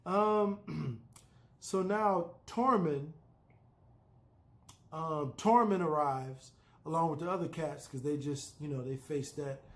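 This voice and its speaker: A man's voice: on the high side, takes it slowly, long pauses. A man casually recapping a TV episode, loose and opinionated, peppering his talk with "you know" and "man".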